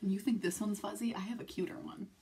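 A woman's voice: medium pitch, steady tone, quick pace, dark tone, slight background noise. A young woman vlogging casually from home at night, rambling through tangents and swearing often. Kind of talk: casual confessional vlog. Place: home room, filmed at night.

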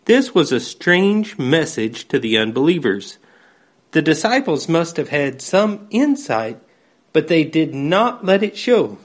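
A man delivering a slow, measured devotional sermon, reading scripture aloud. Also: a little high, big pitch swings. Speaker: preacher.

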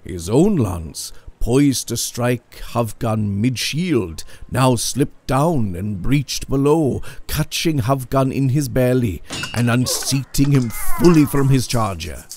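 Slow gravelly male storyteller. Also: medium pitch, expressive, darkish tone, slight background noise. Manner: measured, dramatic storytelling. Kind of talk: scripted narration of a legend.

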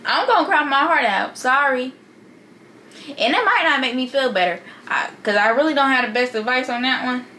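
Bright-voiced young woman giving sassy advice. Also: high-pitched, lively intonation, moderate pace, a little hiss or hum, rough recording. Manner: sassy, slangy, talks straight to viewers. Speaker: vlogger. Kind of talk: casual advice vlog.

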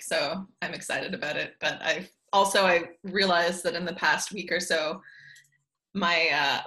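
Bright, giggly woman chatting. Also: on the low side, rough recording. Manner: giggly, rambling, self-interrupting. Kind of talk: casual chat.

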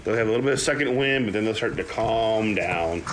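A man who breeds dogs, chatting casually to viewers while filming his puppies at play and often cooing to them in a high voice. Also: brisk. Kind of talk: casual running commentary to viewers.

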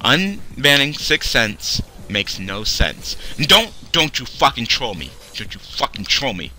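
A young man hosting a card game video, ranting angrily and sarcastically, swearing a lot, and swinging between loud outbursts and tired mumbling. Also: mid-range voice, very animated, unhurried, slight background noise. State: tired, low on energy. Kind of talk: profane rant to camera.

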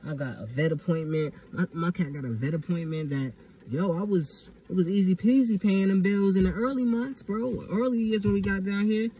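A man's voice: high-pitched, moderate pace, mellow, far from the mic, slight background noise. A young man talking in a casual vlog monologue, emphatic and profane, full of street slang. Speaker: vlogger.

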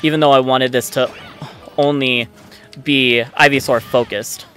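A man giving live commentary on his own gameplay, excitable and frustrated, swearing often. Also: medium pitch, a little slow. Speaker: let's play gamer. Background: faint game music.

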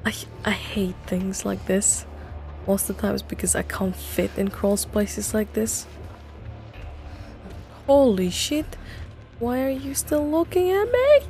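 Creaky-voiced woman streaming a horror game. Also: medium pitch, animated, slow pace, long pauses, mellow, faint music behind. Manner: jumpy, swears a lot, talks to chat. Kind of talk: live gameplay commentary.

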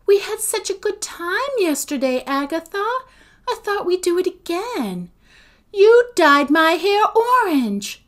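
This is a vain, sugary teenage girl from a storybook reading, sweet-talking in a bright, lifted voice, a woman doing the part. She coos every word to charm, pitched well above the reader's own tone, with a slow, careful delivery. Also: big pitch swings, heavily acted. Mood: coaxing.

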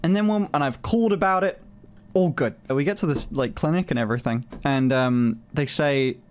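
A man telling a story on his stream in a casual, animated way, swearing often and filling his talk with "like". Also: mid-range voice, normal speed, a little hiss or hum. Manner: animated, swears a lot, many fillers.

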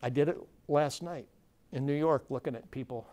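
A man of average pitch leads a conference workshop in a loose, conversational way. He asks the room questions and often stops and restarts his sentences, with frequent fillers. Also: normal speed, darkish tone. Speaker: workshop facilitator. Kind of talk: conversational lecture to a live audience.

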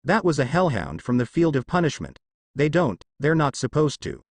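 A man's voice: fairly high pitch, big pitch swings, normal speed, no room sound. A man doing a confident teenage girl strategist.

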